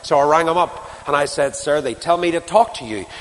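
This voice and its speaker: A man's voice: fairly high pitch, fairly quick. An older man preaching a sermon, telling stories with quoted dialogue and shifting his emphasis up and down. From Northern Ireland. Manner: storytelling with quoted dialogue, rising and falling emphasis. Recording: long reverb of a large hall.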